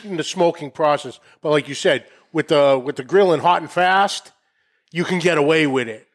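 Joking co-host man, slightly high voice. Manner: quick reactions, joking. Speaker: podcast co-host. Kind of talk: casual chat.

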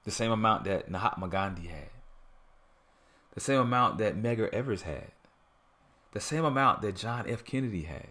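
A man with a somewhat low voice delivers a podcast sermon. He is earnest and steady, and he breaks into relaxed, conversational asides while leaning on repetition to drive points home. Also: moderate pace, long pauses. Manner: earnest preaching with casual asides and repeated phrases. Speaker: podcast preacher.

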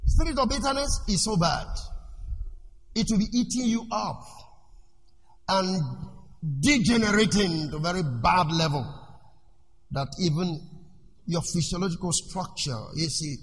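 A male preacher giving a sermon in an animated way. He asks the congregation questions and lets them finish his sentences. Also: high-pitched, unhurried, long pauses. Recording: echoey hall with faint noise.

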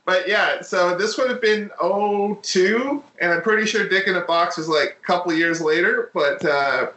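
A man's voice: high voice, normal speed, pushed and bright. A man chatting casually and telling stories with jokes, as the host of a talk show. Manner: joking, storytelling, puts on voices in quotes. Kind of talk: casual chat. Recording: roomy echo.

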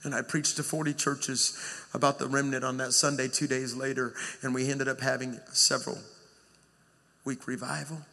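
A man preaching a revival sermon, moving from hushed storytelling to shouted, sing-song exhortation. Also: mid-range voice, flat delivery, moderate pace, gravelly, long reverb tail.

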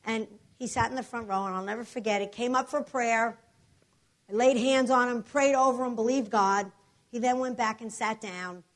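A woman preaching a sermon, telling healing testimonies with emphatic, animated storytelling and repeated declarations. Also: a little high, moderate pace.

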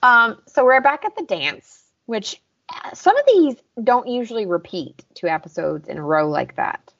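Co-hosting an episode-review podcast, a young woman from the American South speaks at normal speed in a slightly high, gravelly, somewhat bright voice. She's very animated and chatty, quoting lines from scenes and leaning on "like," and the lo-fi recording sounds a bit dull.

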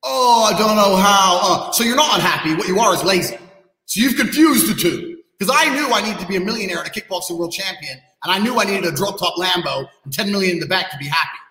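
A man's voice: high voice, animated, quick pace, bright, forceful tone. A man ranting bluntly on a podcast, brash and profane, bragging about himself. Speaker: guest, kickboxing champion. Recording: echoey room with long reverb.

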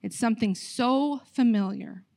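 High-voiced woman pastor preaching animatedly. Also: a little slow, vocal fry, no echo. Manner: animated storytelling, acting out voices of crowds. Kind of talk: sermon.

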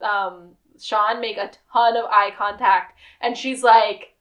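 A woman co-hosting a podcast, casually recapping a TV episode and acting out quick quotes. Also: mid-range voice, fairly even intonation, fairly bright tone. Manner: retells scenes with quick acted quotes and laughs. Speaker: podcast co-host.

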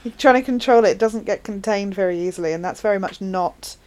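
A woman, co-hosting a casual film discussion, animated and chatty with quick asides. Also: medium pitch. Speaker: podcast co-host.

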